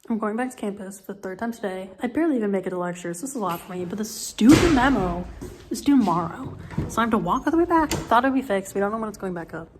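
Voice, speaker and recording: A woman's voice: medium pitch, lively intonation, rapid-fire, heavy background noise. A young woman, a student, chatting casually into her phone camera in a rambling way with lots of "like". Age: young adult. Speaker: study-abroad student vlogger. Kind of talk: casual vlog chat.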